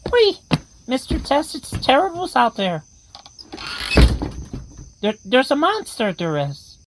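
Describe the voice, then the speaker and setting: A woman voicing an excitable, childlike male toy tin soldier who mangles his grammar, in a horror comedy radio play. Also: high-pitched, slow pace, background noise, pitched above the performer's own voice, heavily acted. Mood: frightened.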